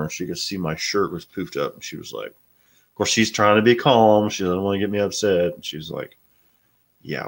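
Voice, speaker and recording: A middle-aged man with a very deep voice talks casually to his live audience. He is blunt and plain-spoken, and he swears freely as he chats. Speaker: host. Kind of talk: casual live-stream chat.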